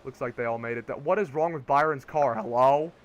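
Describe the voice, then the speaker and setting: A young man streaming a racing game, giving casual play-by-play commentary that turns excitable on restarts. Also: mid-range voice, a little fast. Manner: excitable, rises to shouting on restarts.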